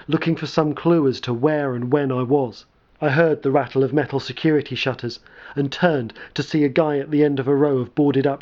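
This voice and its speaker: A man reads a first-person story aloud in a measured, dramatic way. His voice sits a little high for a man, and the recording is muffled and lo-fi. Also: a little mellow. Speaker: narrator. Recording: dull lo-fi recording.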